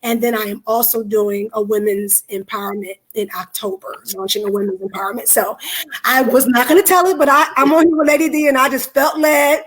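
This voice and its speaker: A woman with a raspy voice, a guest on a live online talk show, talking with excited, faith-filled emphasis. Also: fairly high pitch, fairly quick.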